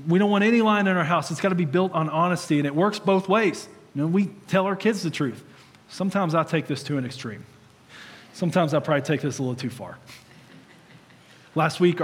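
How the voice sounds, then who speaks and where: A man's voice: fairly high pitch, big-room sound. A man in his thirties preaching a sermon in a conversational way, with humorous stories. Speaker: pastor.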